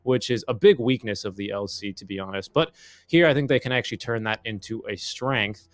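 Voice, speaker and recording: Quick-talking guy doing play by play on a game, jokey and laid back. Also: lowish voice, no room sound. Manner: jokey, easygoing. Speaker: esports commentator. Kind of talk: live esports play-by-play commentary.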